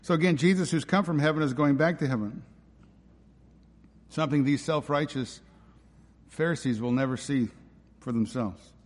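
A man's voice: fairly high pitch, moderate pace, pauses often, long reverb tail. A man preaching a sermon as pastor, emphatic and driving, often posing rhetorical questions.

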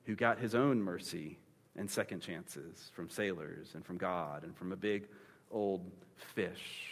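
A man preaching a sermon, retelling a scripture story in a lively, joking way with comic asides. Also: fairly low pitch. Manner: animated, playful storytelling with dad-joke humor. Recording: long reverb of a large hall.

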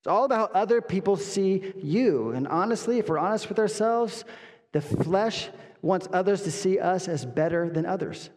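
A man's voice: high-pitched, lively intonation, moderate pace, darkish tone. Guy pastor preaching, emphatic, repeats himself, asks the crowd questions, echoey hall. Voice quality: earnest, emphatic, with repetitions and rhetorical questions. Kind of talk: expository sermon. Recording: long reverb of a hall.

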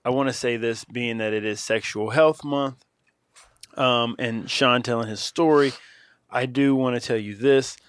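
A man's voice: mid-range voice, fairly even intonation, a little slow, clear, resonant tone, no room sound, clean studio sound. A man co-hosting a podcast, talking steadily and earnestly in a casual chat. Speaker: podcast co-host.

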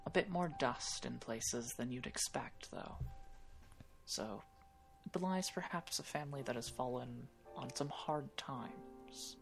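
Male game master, unhurried and hesitant, rough creaky tone. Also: mid-range voice, soft background music. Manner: slow, hesitant narration with restarts. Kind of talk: narrating a tabletop game.

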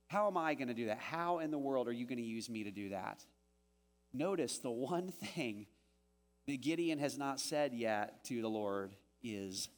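A man preaching a sermon as pastor, animated and acting out the quoted voices of the story he tells. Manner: animated, acts out quoted voices with rising pitch.

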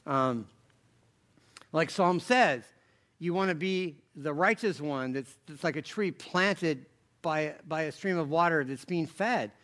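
A man's voice: on the high side, slow pace, fairly bright tone. A man preaching a conversational sermon, rambling through asides and jokes, then rising into emphatic bursts. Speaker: pastor.

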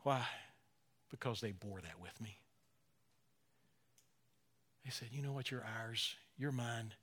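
With a mid-range voice, a pastor in his sixties preaches with deep emotion, slowing on the key phrases. His delivery shifts between near-whispers and loud, fervent emphasis.

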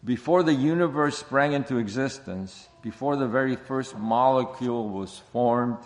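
A man preaching an expository sermon, speaking slowly and deliberately and repeating key phrases for emphasis. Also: medium pitch. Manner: slow, deliberate preaching with stressed repetitions. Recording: long hall reverb.

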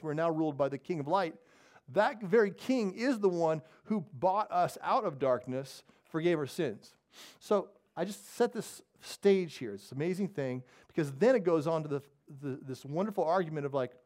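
A man leading a church service as pastor, praying and then preaching in a casual, self-deprecating, animated way. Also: a little high. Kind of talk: sermon with opening prayer. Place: church sanctuary.

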